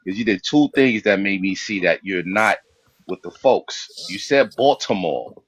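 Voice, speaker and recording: A man's voice: lowish voice, lively intonation, measured pace, husky. A man from New York with a New York accent, speaking on a panel in blunt, slangy talk and asking pointed questions. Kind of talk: debate on a panel.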